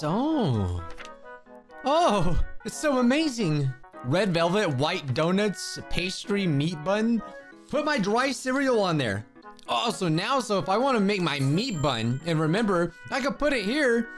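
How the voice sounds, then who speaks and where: A man giving let's play commentary on a video game, excitable and joking, with frequent exclamations. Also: high voice, measured pace, faint music behind. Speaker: gaming video creator.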